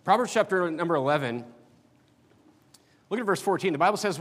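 Middle-aged preacher in an echoing hall. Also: male voice, on the high side, lively intonation. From North Dakota. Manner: conversational, halting with fillers and restarts. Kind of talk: sermon. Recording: long reverb of a church hall.

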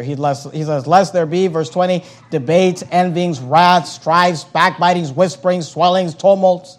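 A middle-aged male pastor preaching with fervent emphasis and a slightly high voice. He swings from loud, pressing exhortation to a hushed, gentle tone in prayer. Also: moderate pace. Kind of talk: sermon.

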